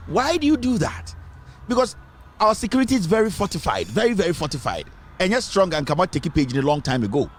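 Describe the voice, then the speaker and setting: On the high side and sing-song, this man speaks fast as he hosts an online news show, offering political commentary in a Ghanaian English accent. He uses both English and Twi, and he is emphatic and prone to repeating phrases.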